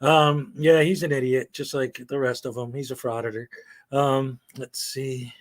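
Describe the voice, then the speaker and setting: A man's voice: medium pitch, level tone, measured pace. A middle-aged man giving rambling, opinionated live-stream commentary, full of fillers and short laughs. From United States.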